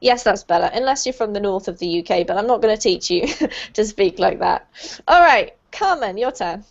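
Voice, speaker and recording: A woman's voice: mid-range voice, lively intonation, moderate pace, gravelly. A woman teaching English pronunciation to an online group class, encouraging and praising her students. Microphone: video call. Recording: muffled lo-fi video call audio.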